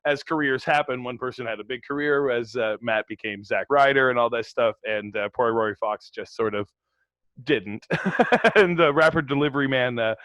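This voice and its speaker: A relaxed man talks through a wrestling recap in a casual podcast chat, pausing often on "uh" and chuckling along the way. His voice is neither high nor low, and it sits close and dry on the mic with no room around it. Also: dry recording. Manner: laid-back, lots of fillers and laughs. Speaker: podcast co-host.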